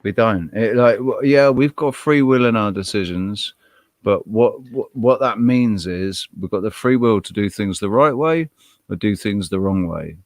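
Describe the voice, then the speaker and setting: A man's voice: lowish voice, a little slow, no room sound. A man with a Wirral Scouse accent, chatting casually as a podcast co-host, rambling and swearing freely. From Wirral, England. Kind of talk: casual chat.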